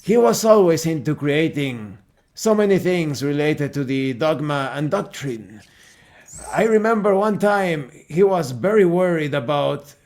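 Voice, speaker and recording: A man voicing a polite, hesitant old male veteran who speaks with a halting, courteous manner. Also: on the high side, darkish tone.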